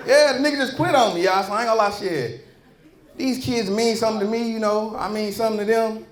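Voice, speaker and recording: St. comedian shouting in an echoey club. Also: male voice, high voice, fast. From St. Louis, Missouri. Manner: loud, crude, playful crowd work with shouted punchlines. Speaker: stand-up comedian. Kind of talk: stand-up comedy set. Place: comedy club stage before a live crowd. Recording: echoey club with a roaring crowd.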